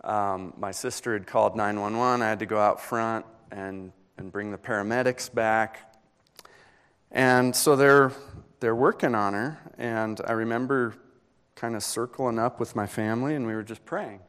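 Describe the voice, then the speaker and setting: A young adult man, a pastor, preaching a sermon and telling a personal story in an earnest, pausing way that builds in intensity. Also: on the low side, fairly even intonation, a bit bright, clean tone.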